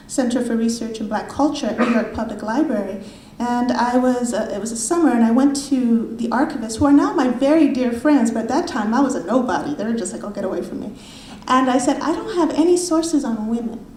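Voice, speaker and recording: A middle-aged woman speaks fairly high with a mellow, unforced tone, presenting her book at a library talk. She tells her story with animation and slips into the voices of the people she quotes. The room rings with echo and a faint hum of ambience sits behind her. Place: university library event room.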